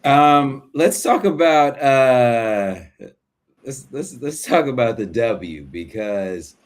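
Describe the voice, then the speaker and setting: A man's voice: mid-range voice, animated, takes it slowly. A man co-hosting a casual sports podcast, talking hesitantly with many fillers and restarts. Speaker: podcast co-host. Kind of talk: casual chat.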